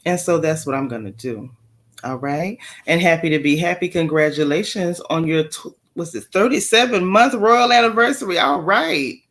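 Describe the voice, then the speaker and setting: Woman, livestream host, casual chatty delivery, bright tone, repeats herself for emphasis. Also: lowish voice, lively intonation, moderate pace. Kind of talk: casual live-stream chat.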